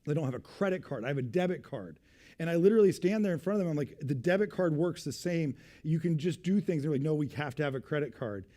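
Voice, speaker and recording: Animated man telling a story, mellow voice. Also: on the high side, fast talker. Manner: animated storyteller, acting out voices, drops to a hushed tone for suspense. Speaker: pastor. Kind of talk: storytelling sermon.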